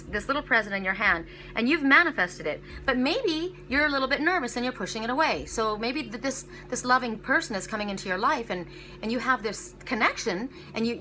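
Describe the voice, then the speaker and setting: A woman giving a casual spiritual reading to viewers, earnest and halting, often repeating her words as she goes. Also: medium pitch, sharp tone, a little hiss or hum. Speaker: spiritual card reader.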